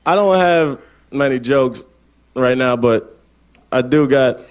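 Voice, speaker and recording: A man's voice: medium pitch, slow, clean tone. A man doing a stand-up roast set, boastful and trash-talking, often breaking into laughs. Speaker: roast comic.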